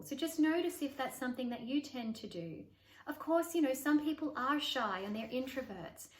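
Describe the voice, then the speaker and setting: A woman voice coach teaching to camera in an encouraging, explanatory tone, now and then demonstrating breathy, nasal or creaky voices. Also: a little high. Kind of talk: voice lesson to camera.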